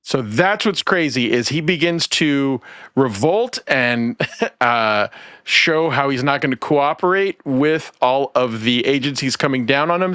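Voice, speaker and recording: A man hosts a podcast in casual chat, retelling stories animatedly. His voice is bright and swoops widely in pitch, recorded dry and close. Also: dry recording. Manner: animated storyteller, laughs often. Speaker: podcast host.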